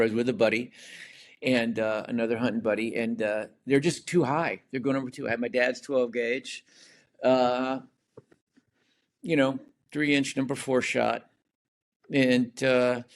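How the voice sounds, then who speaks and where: Gravelly man spinning an animated yarn. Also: medium pitch, a little hiss or hum. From Colorado. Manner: animated, laughing storyteller with many restarts. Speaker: guest, novelist and screenwriter. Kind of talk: casual podcast storytelling.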